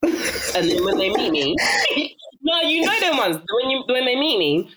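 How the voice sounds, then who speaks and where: Her voice sits a little high and moves at a measured pace, with some background noise behind it. She's a young woman from South London, a guest in a relaxed interview, who laughs a lot and brings her stories to life by mimicking the people in them.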